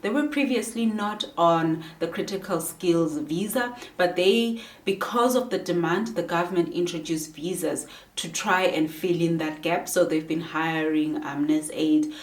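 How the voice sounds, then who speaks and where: A woman vlogger giving advice in a casual, earnest way, pausing often with ums. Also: lowish voice. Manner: earnest, measured, frequent ums. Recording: roomy echo, distant from the mic.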